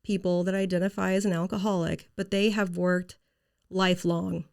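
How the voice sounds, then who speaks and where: Gravelly woman guest with a slight lisp. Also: on the low side, flat delivery, moderate pace, darkish tone. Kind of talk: casual conversational interview.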